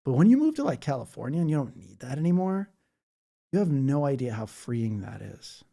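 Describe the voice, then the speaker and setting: A man's voice: medium pitch, big pitch swings, fairly quick, gravelly, mellow. A man hosting a casual livestream, chatting loosely and reading out viewer comments. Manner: rambling, chatty, reads chat comments aloud. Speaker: livestream host.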